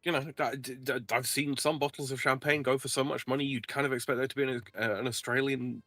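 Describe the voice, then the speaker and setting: A man's voice: mid-range voice, level tone, quick pace, fairly bright tone, no echo. A man in casual stream chat, wry and dry, who stammers on his starts.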